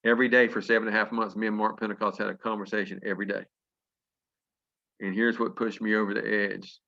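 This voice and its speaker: A man telling a folksy story to an audience, lively and chuckling as he acts out what people said. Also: fairly low pitch, fast talker, creaky. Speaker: business testimonial speaker. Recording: dull lo-fi conference call audio.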